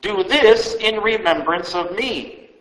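A man voicing a calm male teacher speaking solemn, tender last words, recorded in a roomy space. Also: high-pitched, takes it slowly, voice pushed up. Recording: roomy echo.

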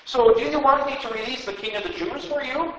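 A man's voice: extremely high pitch, a little fast, fairly bright tone, pitched above the performer's own voice. A man voicing an anxious Roman governor who pleads with a crowd in raised, emphatic questions. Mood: pleading. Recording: roomy sound, away from mic.

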